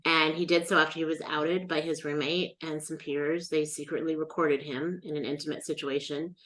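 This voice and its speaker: A woman's voice: deep voice, normal speed. A middle-aged woman telling a personal story as a guest in a casual interview, acting out the voices of the people in it. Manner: animated storyteller, acts out quoted voices.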